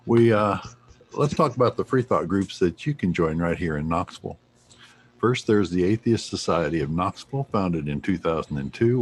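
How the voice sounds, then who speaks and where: A deep-voiced man with a husky edge reads station announcements in a steady way. He co-hosts a community radio talk show from a studio. He keeps an even, practiced announcer manner.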